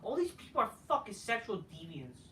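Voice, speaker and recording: High-voiced, rambling male reviewer. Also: huge pitch swings, brisk, pushed and bright, a little hiss or hum. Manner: profane, rambling, repetitive fillers. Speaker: wrestling show reviewer. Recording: echoey room, distant mic.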